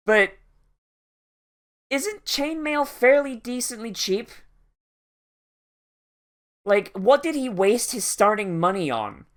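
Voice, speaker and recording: A man's voice: extremely high pitch, sing-song, slow, long pauses. A young man reacting to an anime episode, talking casually and rambling with a lot of swearing and sarcasm.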